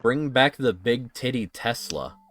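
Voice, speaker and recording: A man streaming a cozy game, chatting casually with crude jokes. His pitch moves a lot. Faint game music plays behind him. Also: animated, a little slow, fairly bright tone. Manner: crude, joking, laughing.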